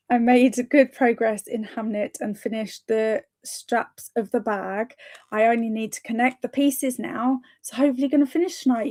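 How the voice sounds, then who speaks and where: A woman's voice: on the high side, steady tone, normal speed, darkish tone. Upbeat woman host chatting with her live viewers. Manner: chatty and encouraging, with frequent small laughs. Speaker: livestream host of reading sprints. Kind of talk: casual livestream chat, reading viewer comments aloud.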